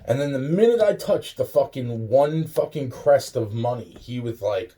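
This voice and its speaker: A man's voice: medium pitch, animated, moderate pace, few pauses, warm tone. A young man rambling to camera in a profane, laughing monologue full of restarts. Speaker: vlogger.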